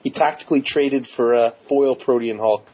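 A man's voice: medium pitch, fairly even intonation, normal speed, breathy edge. A man co-hosting a podcast, chiming in with enthusiastic remarks. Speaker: podcast co-host. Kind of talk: casual chat. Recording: muffled lo-fi podcast audio.

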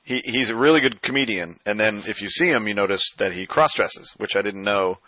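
A man's voice: fairly low pitch, brisk, sharp tone, no room sound, poor audio. A man hosting a card game podcast, bantering and laughing in casual chat. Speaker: podcast host.

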